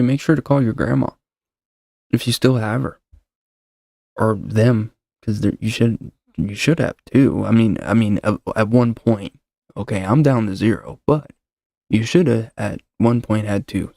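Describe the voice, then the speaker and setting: A man with a heavily gravelly, fry-laden voice talks loosely and jokingly, often tripping over his own sentences. His tone is dark and mellow, and the sound is dry and close, straight into a desk microphone. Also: on the low side, moderate pace, dry recording. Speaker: show host. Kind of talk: casual solo podcast chat. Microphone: desk mic with noise suppressor.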